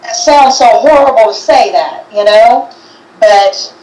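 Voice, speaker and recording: A woman co-hosting a casual chat, describing what she senses in a hesitant, halting way with many restarts. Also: fairly high pitch, darkish tone, roomy sound, recorded from a distance, low-quality recording. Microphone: video call.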